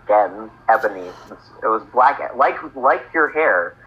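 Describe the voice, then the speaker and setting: A man co-hosting a comedic read-along, with dry deadpan sarcasm. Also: fairly low pitch, unhurried, dull audio. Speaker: podcast co-host.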